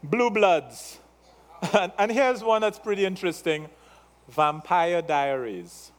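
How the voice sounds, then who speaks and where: A man's voice: high-pitched, expressive, slow. A male pastor with an accent, preaching a sermon in a playful way, teasing his congregation and checking in with them through frequent questions. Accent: non-native English.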